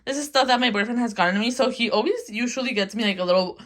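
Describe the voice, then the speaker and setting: A young woman in her twenties, a vlogger, gives a casual, rambling tour of her small bedroom, a bit out of breath. Her voice is a little high, fast, and fairly bright, and she giggles often and fills gaps with ums and likes.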